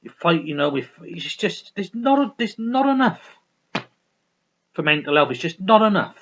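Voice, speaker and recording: A man's voice: high voice, sing-song, moderate pace, a bit bright, muffled recording. A man vlogging in a heated, swearing rant full of restarts. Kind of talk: ranting vlog monologue.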